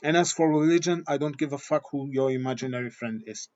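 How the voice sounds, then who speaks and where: A man's voice: mid-range voice, fast, darkish tone. Blunt, swearing man on a dull recording. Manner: blunt, swearing, repeats himself. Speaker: vlogger. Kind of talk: opinion monologue.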